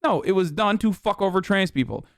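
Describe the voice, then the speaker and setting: A man's voice: high voice, expressive, fairly quick, vocal fry, dry recording, studio quality. A man hosting a stream, giving heated, profane casual political commentary. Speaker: streamer host.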